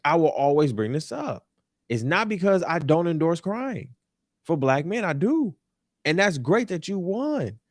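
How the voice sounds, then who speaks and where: A young man holds forth on a sports talk show, emphatic and exasperated, repeating his points. His pitch swings widely, and his voice sits a little high for a man. The sound is close and dry, with no room around it. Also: sing-song, a little slow, dry recording. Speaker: podcast host. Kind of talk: animated sports talk rant. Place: New York.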